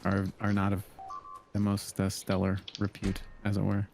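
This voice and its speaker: A man's voice: sits low, monotone, moderate pace, gravelly, background noise. A man on voice chat during a multiplayer game who makes dry, mock-formal wisecracks. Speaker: fellow player on voice chat. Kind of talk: casual gaming chat.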